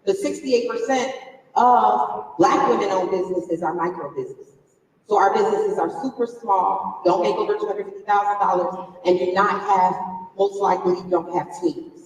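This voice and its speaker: A woman's voice: mid-range voice, steady tone, moderate pace. Woman speaking in an echoey hall. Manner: conversational, quizzes the crowd, emotional personal story. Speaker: conference speaker. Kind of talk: motivational business talk to a live audience. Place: large conference hall stage. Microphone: distant from the recording mic. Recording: echoey hall captured from far off.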